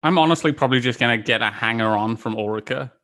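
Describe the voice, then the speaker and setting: A man's voice: mid-range voice, fast, a bit bright. Wry, easygoing man player. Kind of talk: casual table talk while playing a character.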